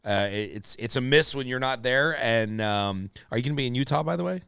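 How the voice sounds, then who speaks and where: A man hosting a podcast and chatting casually with a guest, open about his affection and quick to laugh. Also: medium pitch, expressive, creaky, fairly bright tone, smooth, dry recording. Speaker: podcast host. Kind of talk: casual conversation.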